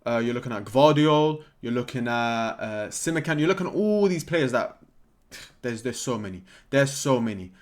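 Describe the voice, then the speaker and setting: Excitable young man. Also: mid-range voice, normal speed. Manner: excitable, animated, jokey, talks to himself. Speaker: football content creator. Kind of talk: casual football vlog.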